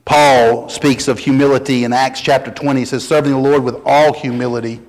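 A man preaching a sermon as pastor, folksy and animated, building to strong emphasis. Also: medium pitch, fairly quick, in a large hall.

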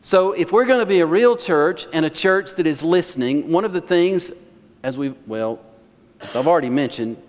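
Male pastor preaching in a reverberant church. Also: on the high side. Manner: conversational storytelling preacher. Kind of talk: sermon.

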